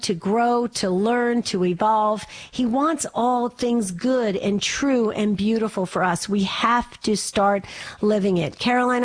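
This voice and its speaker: A woman hosting a call-in radio show as a life coach, encouraging callers and often repeating her words. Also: fairly high pitch.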